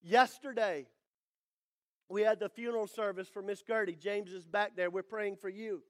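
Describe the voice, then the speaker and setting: High-voiced preaching pastor, emphatic. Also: male voice, fairly even intonation. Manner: preaching with dramatic pauses and rising emphasis. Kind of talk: sermon.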